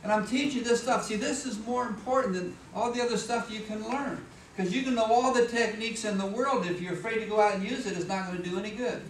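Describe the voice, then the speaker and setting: Lively, humorous man giving a motivational talk. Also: high voice, fast talker, few pauses. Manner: humorous, animated, acts out voices and sounds. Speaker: speaker at a business meeting. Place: office meeting room. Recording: echoey room, far from mic, background noise.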